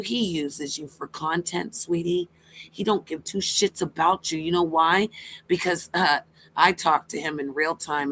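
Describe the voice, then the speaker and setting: A woman's voice: on the low side, fairly bright tone, slight background noise, poor audio. Profane taunting woman livestreamer. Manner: taunting, profane, sarcastic, mocking; talks to a rival by name. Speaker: livestream commentator. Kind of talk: confrontational livestream commentary.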